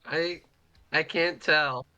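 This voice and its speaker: A man chatting on a live stream in a casual, teasing way. His voice is bright and forward, and faint music plays behind him. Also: on the high side, fairly even intonation, slow, dull audio. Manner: playful, teasing. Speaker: streamer co-host.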